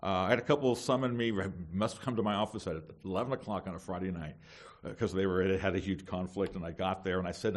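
A middle-aged male pastor preaching to seminary students in a fairly low voice. His delivery is emphatic and animated, punctuated with rhetorical questions. A sermon style that pushes the listeners to apply themselves. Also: quick pace.

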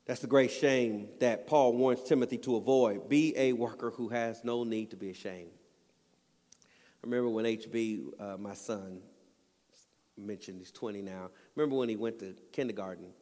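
A man's voice: on the low side, normal speed, warm tone. A man preaching a sermon, telling an earnest family story and building to emphatic points. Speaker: pastor. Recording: long hall reverb.

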